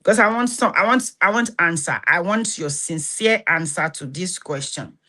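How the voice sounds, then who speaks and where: A woman with a Nigerian Yoruba accent talks to her live-stream audience in a slightly low voice. She speaks animatedly and acts out the people she quotes in lively back-and-forth. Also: moderate pace. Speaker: host of a live stream on relationships and healing.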